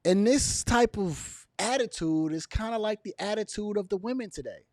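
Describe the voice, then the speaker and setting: A man's voice: sits high, moderate pace, darkish tone, no room sound, clean studio sound. A man giving casual opinion commentary to camera, emphatic and repetitive, with chuckles between his points. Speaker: video commentator.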